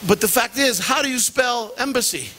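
Animated high-voiced male pastor. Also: normal speed, slight background noise. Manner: animated, self-deprecating storytelling with sudden pitch jumps. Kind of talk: sermon with personal anecdote. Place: church sanctuary.

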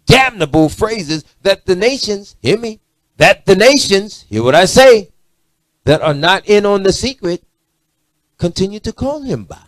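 A middle-aged preacher man delivers a sermon, his pitch leaping up and down as he goes. He swings between emphatic, almost shouted lines and quiet asides. The sound is dry and close, with no room echo. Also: sing-song, measured pace. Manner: preachy, rising to shouts and dropping to low asides.

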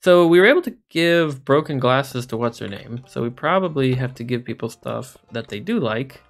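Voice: medium pitch, animated, normal speed. A game streamer making casual, jokey, rambling commentary while playing. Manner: jokey, rambling, laughs often.

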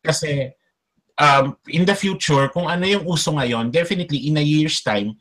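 A man's voice: fairly high pitch, normal speed, a bit bright. A man in his forties with a Filipino accent, moderating a webinar panel in a conversational way and asking the panelists questions. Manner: conversational, asks questions, mixes English and Tagalog.

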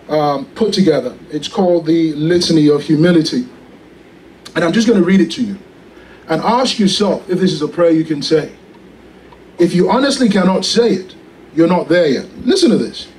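A man preaching a sermon as an evangelist, impassioned and rising to shouts. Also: fairly high pitch, reverberant, distant mic, low-quality recording.

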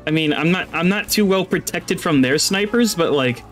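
Streaming a game into a headset, a man gives rambling, excitable commentary, and his voice leaps high whenever he's surprised. He talks at a moderate pace over soft background music.

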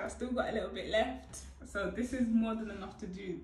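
A young woman chatting casually through a hair how-to, playful and breezy, with sudden loud whoops. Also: medium pitch, brisk, hardly any pauses. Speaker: hair tutorial vlogger. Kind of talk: casual how-to chat to camera. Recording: echoey room from a distant mic.

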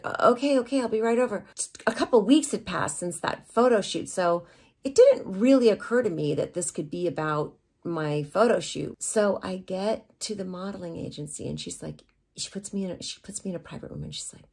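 A woman's voice: medium pitch, darkish tone, breathy edge. A woman vlogger telling a personal story in a candid, confessional way with self-deprecating humor.

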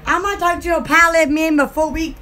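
A woman's voice: very high-pitched, steady tone, a little fast, bright, forceful tone. A woman hosting her own channel, rambling playfully and giggling as she acts out silly scenes. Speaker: channel host.

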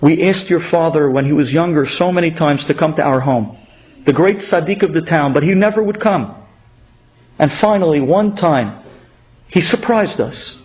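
A man's voice: high voice, dull audio. A man quoting a poor humble wife of a water carrier, in an earnest, pleading tone.

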